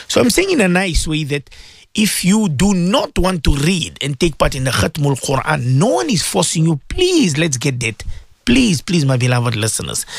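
A man's voice: a little high, dry recording, studio quality. A middle-aged man presenting religious advice on radio, pleading and repeating himself for emphasis.

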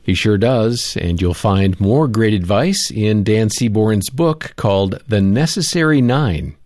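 A man's voice: fairly low pitch, expressive, measured pace, a little mellow, no room sound, clean studio sound. A man announcing a radio show, reading an upbeat scripted outro.

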